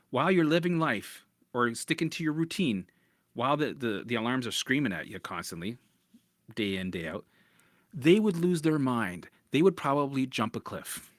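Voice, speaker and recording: A man giving an animated, casual coaching talk about anxiety. He swears casually and acts out panicked voices. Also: medium pitch, no room sound, clean studio sound.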